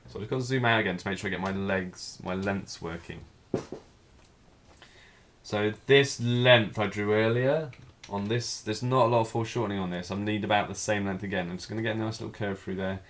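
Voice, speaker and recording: A man teaching a live figure drawing class, talking through each stroke as he draws, in a relaxed, thinking-aloud way. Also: on the low side, a little fast.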